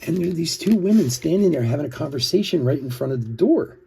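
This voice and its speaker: A man's voice: on the high side, lively intonation, quick pace, creaky, mellow, a little hiss or hum. A middle-aged man hosting a card-break livestream, telling stories with many laughs while calling out names between his asides. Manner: chatty storytelling, laughs often, reads names between asides. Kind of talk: casual livestream chat while opening cards.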